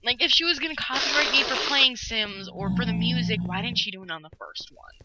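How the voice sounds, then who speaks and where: Exasperated and giggling by turns, a young female gaming host rants through casual gameplay chat. She speaks briskly in a slightly high, animated voice. The audio has its highs cut off and loud background noise.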